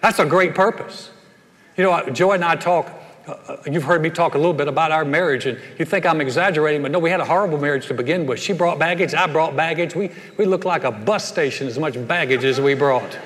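A man preaching a sermon as a pastor, telling folksy stories and pushing his punchlines with animated energy. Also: on the high side, a little fast. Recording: long hall reverb.

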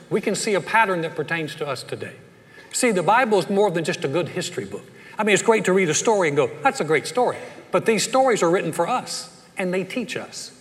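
Preacher guy, fairly high voice, telling bible stories folksy style, big hall echo. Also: a bit bright. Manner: folksy storytelling, acts out quoted characters. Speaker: pastor. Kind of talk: sermon retelling a Bible story.

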